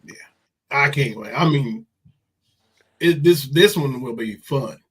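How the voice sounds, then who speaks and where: A man's voice: medium pitch, expressive, takes it slowly, a bit bright, husky, poor audio. Stuffed-up man hosting a live stream. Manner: loose, rambling, swears casually. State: stuffed up nose. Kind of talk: casual live stream chat.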